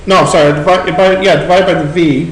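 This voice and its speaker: Irish male maths tutor, quizzing students as he goes; high voice, roomy classroom sound with slight hiss. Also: steady tone, fairly quick. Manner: questioning, prompting students step by step. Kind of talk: working through exam questions with students. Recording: echoey room recording with background noise.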